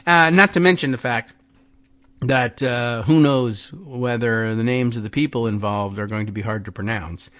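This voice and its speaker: A man's voice: mid-range voice, moderate pace, a bit bright. A man hosting a podcast, giving casual political commentary with rambling, sarcastic, self-deprecating asides. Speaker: podcast host.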